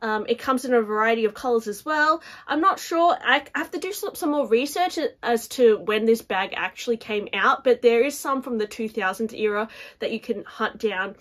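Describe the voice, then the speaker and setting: A chatty young woman talking casually to camera about her handbags. Her voice sits a little high, and she leans on "like" and "guys" all the time. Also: lively intonation, moderate pace, a bit bright. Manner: chatty, fills talk with "like" and "guys". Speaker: handbag vlogger.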